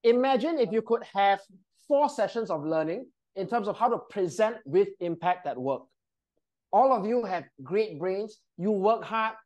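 A voice and presentation trainer leads a group in a training room through a live workshop. She speaks in a mid-range voice with a darkish tone, offering upbeat instructions and frequently checking in.

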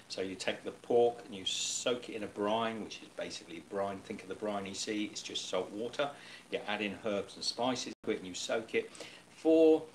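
A man's voice: fairly low pitch, a little hiss or hum. A man hosting a live cooking show from his home kitchen. He chats casually, rambling with fillers and restarts and joking along the way.

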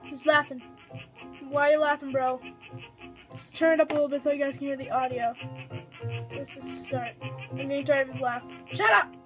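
A young woman giving excitable, giggly let's-play commentary on a game, chatting to her viewers as she plays. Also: sits high, normal speed, long pauses, faint music behind. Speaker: gaming video host.

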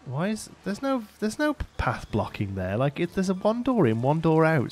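A man's voice: fairly high pitch, wildly swooping pitch, normal speed, hardly any pauses, faint music behind. A man casually commentating a city-building game as he plays, chatty and rambling, laughing often and thinking aloud. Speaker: let's play host.

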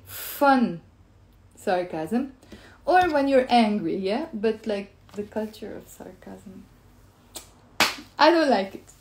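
Animated Lebanese woman teaching Arabic. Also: on the high side, reverberant. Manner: animated, switching between English and Arabic, acting out tones. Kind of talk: live-streamed language lesson. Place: home room.

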